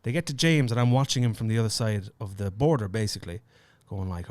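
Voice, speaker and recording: An Irish man co-hosting a podcast, chatting casually, swearing freely and telling stories with lively put-on voices. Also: on the low side, quick pace, hardly any pauses. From Ireland. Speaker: podcast co-host. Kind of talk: casual chat.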